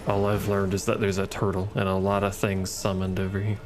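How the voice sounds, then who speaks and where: A man's voice: low voice, monotone, fairly quick. A man giving casual, sarcastic gameplay commentary, muttering and swearing at the game as he plays. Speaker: gaming streamer. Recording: game music behind voice. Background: game music.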